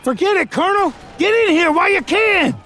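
A man's voice: high-pitched, sing-song, normal speed, voice pushed up, full character voice. A man narrating a western audiobook voices a tough, plainspoken male frontier fighter who drawls his words. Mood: urgent.

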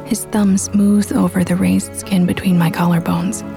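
A young woman narrating a first-person audiobook in a soft, intimate, reflective way. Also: mid-range voice, little pitch movement, normal speed, creaky. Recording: with background music.

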